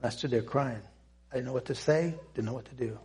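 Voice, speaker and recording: An older man telling a personal testimony to a church audience, speaking in an earnest, halting way with pauses and restarts. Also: mid-range voice, darkish tone. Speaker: Christian speaker giving a testimony.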